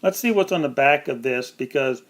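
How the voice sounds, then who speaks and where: A man presenting historic documents in a dramatic, emphatic storytelling style with drawn-out pauses. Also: mid-range voice, a bit bright. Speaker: archive presenter.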